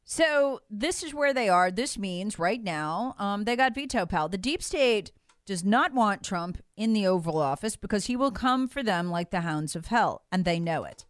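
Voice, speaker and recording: A woman's voice: mid-range voice, expressive, moderate pace, no echo. Woman, talk radio host, impassioned, mocking, dry studio mic. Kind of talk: political talk radio commentary.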